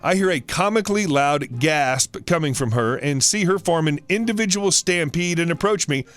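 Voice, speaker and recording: A man's voice: a little high, animated, normal speed, fairly bright tone, faint music behind. A man reading an online story aloud in a wry, sarcastic storytelling manner. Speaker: story narrator.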